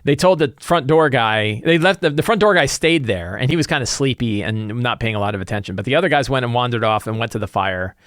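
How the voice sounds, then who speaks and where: A man's voice: mid-range voice, fast, few pauses, dry recording, clean studio sound. Chatty man recapping a game session. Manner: animated storyteller, loose and chatty, many fillers like "like". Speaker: game master and tabletop RPG content creator. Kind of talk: casual recap and campaign-prep chat.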